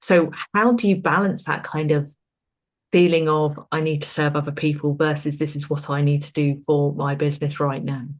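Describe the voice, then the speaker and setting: Low-voiced woman host. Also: little pitch movement, moderate pace. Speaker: podcast host. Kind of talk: casual interview chat.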